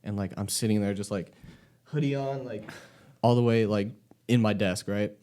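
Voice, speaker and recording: A man's voice: fairly low pitch, moderate pace, mellow, smooth. A young man telling a casual, rambling story on a podcast, swearing a lot and laughing often. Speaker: podcast host.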